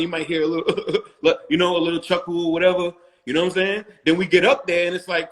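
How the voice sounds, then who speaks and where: Slightly high-voiced rapper telling stories. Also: male voice, level tone, fast talker. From Long Island, New York. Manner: loose storytelling with frequent "you know what I'm saying". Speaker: rapper guest. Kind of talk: casual interview chat.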